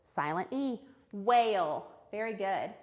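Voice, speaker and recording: A woman teaching a recorded phonics lesson to young children, sounding out words clearly and praising answers. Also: medium pitch, expressive, slow pace, darkish tone. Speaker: third grade reading teacher.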